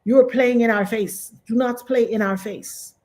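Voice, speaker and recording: A woman's voice: a little high, fairly even intonation, normal speed, mellow. An American woman doing casual commentary, emphatic and repetitive, with sudden outbursts. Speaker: commentary vlogger.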